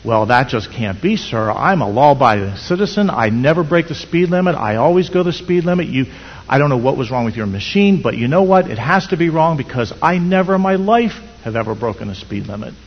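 A preacher acting out a self-righteous husband caught speeding, loud and indignant. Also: male voice, medium pitch, expressive, brisk, breathy edge. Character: boastful middle-aged husband caught speeding. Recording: dull sound in echoey hall.

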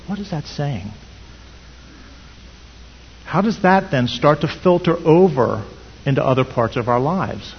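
A man's voice: a little high, animated, measured pace, long pauses, slight background noise. A man preaching a sermon in an earnest, storytelling manner with many rhetorical questions. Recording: dull sound in echoey hall.

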